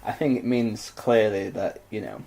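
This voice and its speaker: Lively joking young man. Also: fairly low pitch, moderate pace, creaky, poor audio. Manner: joking, teasing, animated. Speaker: podcast co-host. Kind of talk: casual chat.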